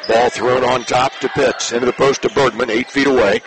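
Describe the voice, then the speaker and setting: A man announcing a high school basketball game play by play, in brisk clipped calls that rise when a shot scores. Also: fairly even intonation. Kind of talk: basketball radio commentary. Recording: noisy online radio broadcast.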